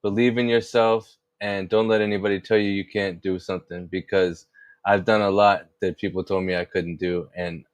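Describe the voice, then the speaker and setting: A man's voice: low-pitched, little pitch movement, normal speed, no room sound, lo-fi sound. A man in casual podcast chat, easygoing and earnest. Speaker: podcast guest.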